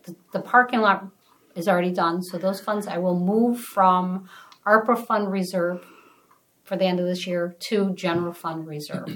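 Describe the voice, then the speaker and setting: A woman's voice: fairly low pitch, a little hiss or hum, rough recording. A woman who is a town finance official, explaining the budget step by step at a public meeting. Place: town board meeting room.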